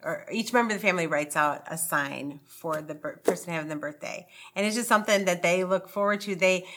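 A woman's voice: fairly low pitch, fairly quick, a bit bright, a little hiss or hum. A woman co-hosting a faith podcast, earnest and enthusiastic in casual chat. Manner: earnest, enthusiastic, talks about family. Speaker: podcast co-host.

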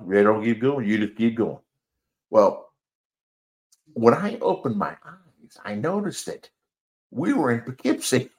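A man's voice: mid-range voice, vocal fry. A man casually telling a rambling, self-deprecating anecdote, chuckling as he goes. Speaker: storyteller.

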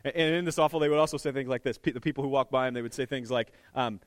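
A man preaching a sermon as a conversational, animated retelling, with restarts and light chuckles. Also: medium pitch, racing, no echo. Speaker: pastor. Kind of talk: storytelling sermon.

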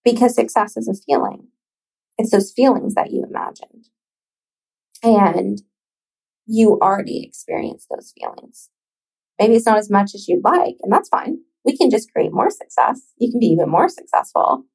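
A woman hosts a podcast in a casual, encouraging monologue aimed straight at the listener. Her voice sits a little high, with a gravelly, husky edge. She swears freely and lets long pauses hang. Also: animated, a little mellow, rough recording. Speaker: podcast host.

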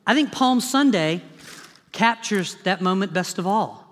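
In a church sanctuary with big-room sound, a pastor with a high voice preaches at a measured pace. His sermon is animated and dramatic, sprinkled with humorous asides.

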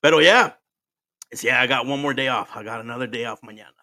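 This man talks fast in a sharp, medium-pitched voice, captured at studio quality with no room sound. As a podcast host he spins a story in casual chat, drinking, laughing, swearing, and mixing Spanish and English.

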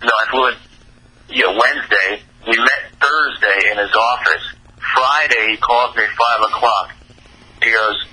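A middle-aged man, a rock singer, telling his story in a rambling, halting way full of fillers. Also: on the low side, sharp tone, husky, poor audio. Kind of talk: casual storytelling interview.

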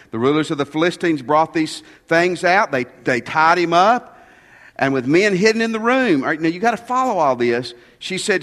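Folksy preacher with a lively voice. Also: male voice, a little high, moderate pace, big-room sound. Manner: folksy, joking asides. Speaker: pastor. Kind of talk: sermon.

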